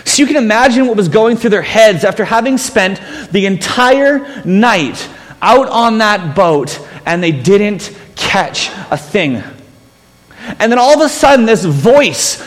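A man's voice: sits high, expressive, measured pace, in a large hall. A man preaching a sermon as pastor, telling stories with self-mocking humor.

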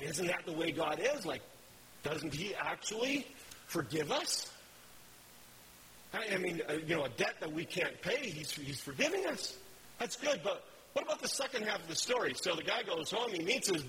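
A man's voice: a little high, very animated, moderate pace, pushed and bright, a little hiss or hum, low-quality recording. A man preaching a sermon, telling a story in a conversational way. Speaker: pastor.

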